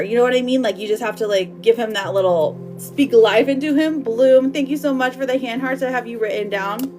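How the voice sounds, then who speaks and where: A woman's voice: on the high side, fairly quick, hardly any pauses, a little mellow, faint music behind. A woman doing a live tarot reading for viewers, bubbly and affectionate, chatting loosely with lots of fillers and laughs. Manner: affectionate, calls viewers girl and my love. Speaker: tarot reader.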